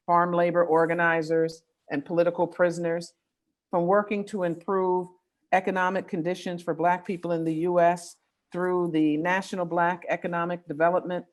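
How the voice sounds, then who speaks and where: A woman leading an organization speaks at an online forum in an earnest, measured way, slowing down for emphasis. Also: lowish voice, flat delivery. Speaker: executive director of a faith-based organization.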